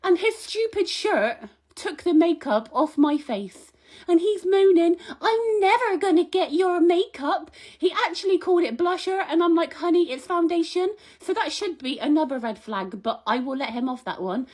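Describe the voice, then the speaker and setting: A young woman rambles through a comic monologue, gossipy and indignant. Her voice sits high and bright in pitch. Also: expressive, normal speed. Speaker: comic vlogger.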